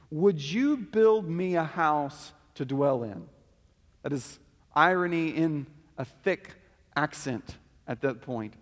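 A man preaching a sermon, teaching earnestly and reading scripture passages aloud with rising emphasis. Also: high-pitched. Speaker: pastor. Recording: long hall reverb.

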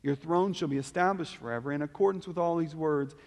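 Man, pastor, sermon, earnest teaching tone, slightly high voice, long hall reverb. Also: fairly quick, a little mellow. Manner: earnest teaching, reads passages with rising emphasis. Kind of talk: sermon with scripture reading.

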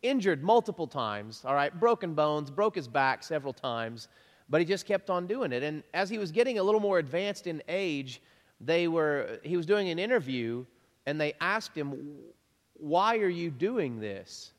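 A man's voice: a little high, normal speed. Chuckling preacher man, hall echo. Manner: lively, chatty preaching with frequent chuckles and repeats. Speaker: pastor. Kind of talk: conversational sermon. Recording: long reverb of a large hall.

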